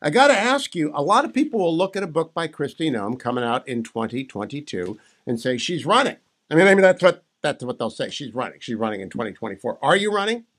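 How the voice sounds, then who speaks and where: A man's voice: a little high, big pitch swings, quick pace, few pauses, a bit bright. A man hosting a radio talk show, interviewing a guest in a chatty, playful way.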